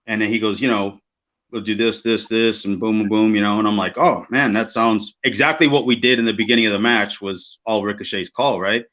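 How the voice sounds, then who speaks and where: A man's voice: fairly low pitch, a little fast. A man co-hosting a podcast, telling a backstage story casually and acting out the people in it. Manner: animated, acts out quoted people, swears freely. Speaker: podcast co-host, former wrestler. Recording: dull lo-fi podcast audio.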